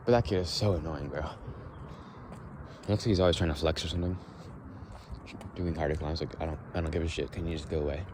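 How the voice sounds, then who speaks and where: A man's voice: extremely low pitch, brisk, pauses often, noisy background. A young man hosting a casual walk-and-talk podcast, rambling bluntly with swearing and frequent restarts, recorded outdoors at dusk. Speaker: podcast host.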